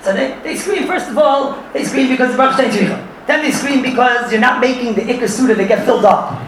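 A man giving an animated Torah class to a room full of listeners, mixing in Yiddish and Hebrew terms and often laughing as he talks. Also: extremely high pitch, a little fast, noisy background. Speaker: Torah teacher. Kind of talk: lively halachic class. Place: room with audience. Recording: echoey room, far from the mic.

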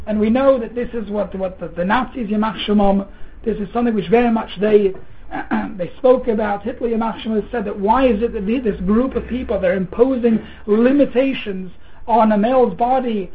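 A man giving an earnest Torah lecture, mixing Hebrew terms into English, often repeating words and clearing his throat. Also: sits high, fairly quick. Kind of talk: sermon. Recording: tinny phone-like sound.

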